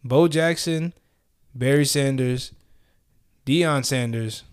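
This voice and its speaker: A man's voice: mid-range voice, slow, clean tone. A man hosting a casual multiple-choice quiz among friends, talking loosely with stumbles and frequent laughs. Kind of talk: casual quiz game chat.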